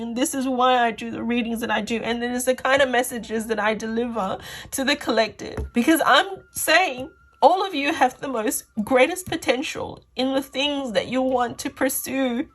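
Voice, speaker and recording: A woman's voice: high voice, a bit bright. Gushing, tearful tarot reader woman. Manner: gushing, emotional and effusive. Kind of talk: pick-a-card tarot reading.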